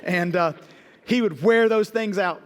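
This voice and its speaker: Pastor with a high voice. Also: male voice, unhurried, long reverb tail. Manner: lively storytelling with self-deprecating jokes. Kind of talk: sermon storytelling. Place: church auditorium.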